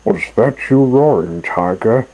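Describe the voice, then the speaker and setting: A man voicing a gentle, curious patchwork elephant in a storybook reading, calm and mildly amused. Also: mid-range voice, measured pace, poor audio.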